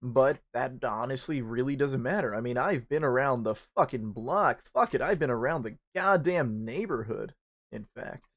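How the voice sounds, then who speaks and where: A young man talks loosely over his game stream in a voice of middling pitch. He rambles from story to story and swears at every turn, and he livens up whenever he retells something that happened. It sounds like relaxed streaming chat. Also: normal speed. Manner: rambling, crude, swears constantly; animated when retelling stories. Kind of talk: casual chat while gaming.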